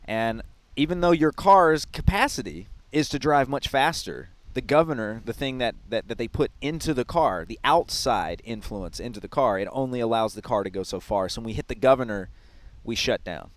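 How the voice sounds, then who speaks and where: A man hosting a podcast, calmly guiding a coaching conversation and inviting his guest in. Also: mid-range voice, normal speed.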